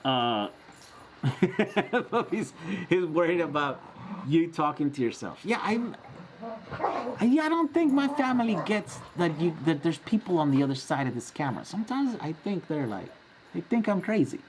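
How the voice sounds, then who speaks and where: A man's voice: on the high side, sing-song, normal speed, background noise. A man in his forties hosting a casual live-stream Q&A, chatty and rambling, often laughing as he answers. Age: 40s.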